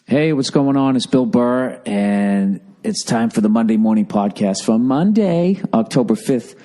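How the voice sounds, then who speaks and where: Early in the morning at home, a man hosts a casual solo podcast, rambling and swearing while keeping his voice hushed so he won't wake the house. His mid-range voice is animated but unhurried.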